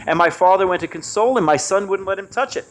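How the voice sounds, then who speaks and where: A man speaking at a devotional retreat, telling a personal story in an animated way and acting out the voices of the people in it. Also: high voice, fast talker, slight background noise. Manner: animated, acts out quoted voices.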